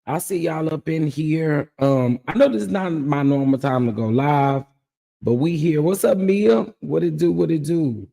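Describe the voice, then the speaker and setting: Recapping a reality show on his livestream, a man with a scratchy, fairly high, warm voice speaks a little slowly with vocal fry, sounding as if he's in a large hall. He chats casually, greeting viewers by name and drawling "child" and "y'all."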